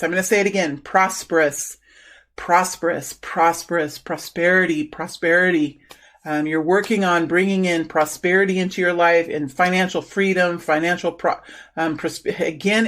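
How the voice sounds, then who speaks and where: A middle-aged woman giving an intuitive tarot reading, talking slowly and haltingly with many fillers and restarts. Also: fairly low pitch. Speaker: tarot reader.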